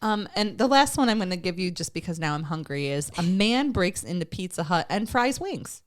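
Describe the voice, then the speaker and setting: Animated woman reading odd news aloud. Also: on the low side, a little fast. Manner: laughing, animated cold reading of articles. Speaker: podcast co-host. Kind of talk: casual chat reading news stories.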